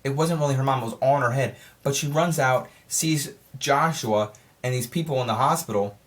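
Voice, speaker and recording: A man giving a casual spoiler review of a horror film, talking in an excitable, rambling way and often correcting himself mid-sentence. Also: mid-range voice, a little fast.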